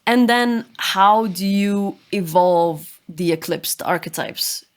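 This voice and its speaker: A woman's voice: mid-range voice, slow pace. A woman co-authoring a book, chatting in a podcast discussion as a storyteller who laughs easily.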